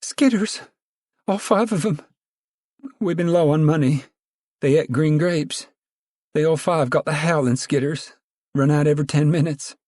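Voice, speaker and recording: A man's voice: on the high side, measured pace, pauses often, darkish tone, no echo, studio quality, pitched above the performer's own voice, lightly acted. A man voicing a meek, flustered poor mother who whines and pleads. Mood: whining. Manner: whining, pleading.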